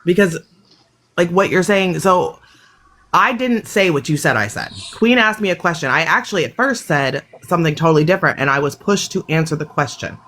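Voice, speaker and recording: A woman's voice: lowish voice, expressive, brisk, fairly bright tone, a little hiss or hum. A woman defending herself in a heated live-stream debate, insisting she was misunderstood. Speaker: guest.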